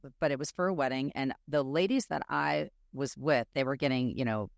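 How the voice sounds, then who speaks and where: A woman's voice: a bass voice, fairly quick, vocal fry, dry recording. Casting: middle-aged New woman, emphatic podcast co-host, dry close sound. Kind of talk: casual chat.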